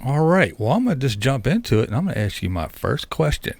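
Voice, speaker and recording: Man, gravelly voice, chatty interview host, loose and friendly, laughs easily. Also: medium pitch, sing-song, fast, no room sound, studio quality. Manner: upbeat, chatty, laughs often, restarts sentences. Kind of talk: casual interview chat.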